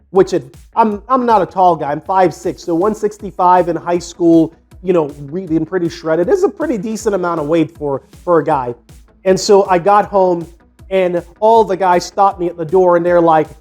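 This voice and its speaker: A man from the United States, around his fifties, rambles through a personal anecdote full of fillers and restarts. His voice sits high for a man, and soft music plays faintly underneath. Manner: rambling, many fillers and restarts, acts out quotes. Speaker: vlogger telling his life story. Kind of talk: casual storytelling monologue.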